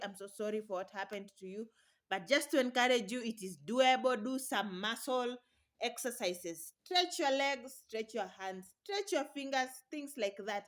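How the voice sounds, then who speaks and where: Young woman, fairly high voice, chatty encouraging vlog talk to camera. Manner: chatty and encouraging, laughs often. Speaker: vlogger.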